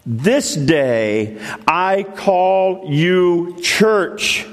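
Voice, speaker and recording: Earnest, unhurried preacher with a high voice. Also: male voice, long reverb tail. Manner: earnest preaching, rising to emphatic calls with self-deprecating asides. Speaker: pastor. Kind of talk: sermon.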